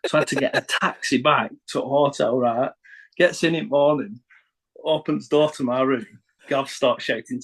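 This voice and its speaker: Husky sweary Northern English man. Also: mid-range voice, normal speed, poor audio. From Northern England. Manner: sweary, rambling storyteller. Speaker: podcast guest, rapper. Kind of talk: casual anecdote telling.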